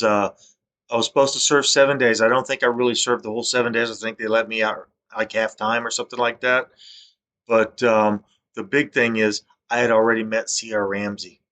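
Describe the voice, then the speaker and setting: Brief: man, 50s, lowish, punchy and bright, rambling accusatory vlog monologue. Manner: rambling, accusatory, repeats himself. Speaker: vlogger.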